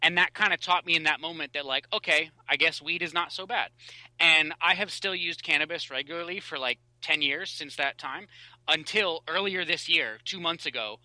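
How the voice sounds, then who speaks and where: A man, a podcast guest, telling a long personal story in casual interview talk, animated and rambling with many fillers and restarts, on a close mic. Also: fairly high pitch, normal speed, no room sound, rough recording.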